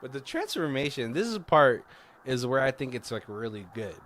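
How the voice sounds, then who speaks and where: A man's voice: medium pitch, sing-song, moderate pace, fairly bright tone, slight background noise. A man casually recapping a movie plot on a podcast, rambling with lots of fillers and self-corrections. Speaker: podcast co-host.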